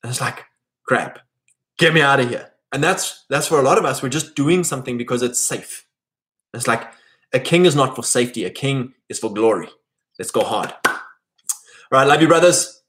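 A man's voice: medium pitch, animated, normal speed, a bit bright. A man hosting a podcast, giving a conversational motivational faith talk to other men, emphatic and full of fillers. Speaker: host of a men's faith podcast.

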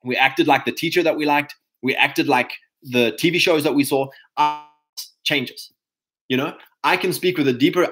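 Rambling man with a higher voice. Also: normal speed, fairly bright tone. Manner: rambling, conversational, many fillers and restarts; addresses listeners as chaps. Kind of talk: casual motivational talk to men.

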